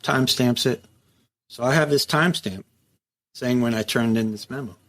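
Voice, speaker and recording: In a casual interview, a middle-aged man who was once a prison captain recounts war stories at a moderate pace, pausing often in a mid-range voice. He swears freely and animatedly acts out quoted dialogue.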